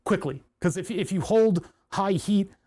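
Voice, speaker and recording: A young man, talking casually on a live stream while soldering. His voice sits a bit higher than most men's, and he rambles and doubles back, talking to his chat as he works. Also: unhurried, warm tone. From United States. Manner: rambling and chatty, with restarts and asides to chat.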